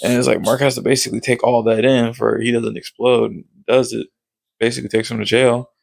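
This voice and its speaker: A man with a heavily gravelly, fry-laden voice talks through a show recap in a loose, rambling way. He leans on fillers and throws in excited sound-effect words as he goes. The recording is close and dry, with no room sound. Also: mid-range voice, brisk, dry recording, low-quality recording. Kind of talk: casual episode recap.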